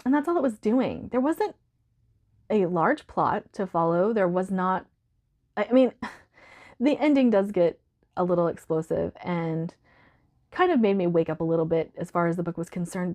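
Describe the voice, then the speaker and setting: A woman talking through her month's reading in a relaxed vlog. Her voice sits at an ordinary middle pitch, and her delivery is chatty and emotional with frequent laughter. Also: moderate pace. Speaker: book vlogger. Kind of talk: casual monthly reading wrap-up.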